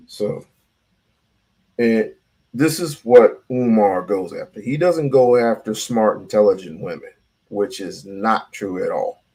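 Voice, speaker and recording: A man's voice: fairly low pitch, slow pace, warm tone, breathy edge. A man hosting a casual reaction show, blunt, profane and sarcastic. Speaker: show host.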